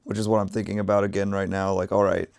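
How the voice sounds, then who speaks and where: Sick-sounding low gravelly man. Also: little pitch movement, fast, a little mellow, dry recording, studio quality. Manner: rambling, thinking aloud while working. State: sick, rough voice. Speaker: streamer. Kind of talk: casual livestream chat while crafting.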